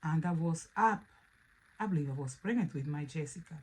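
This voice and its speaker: A mother in her thirties who speaks natively, telling family stories to camera in broken English, animated and laughing often. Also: deep voice, fairly quick, slightly rough. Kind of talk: casual storytelling to camera.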